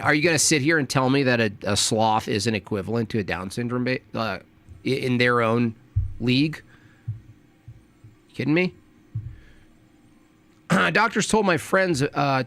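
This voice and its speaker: A man hosting a reaction commentary, scornful and preachy, jumping from loud jabs to low mutters. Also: animated, moderate pace. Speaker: commentary host.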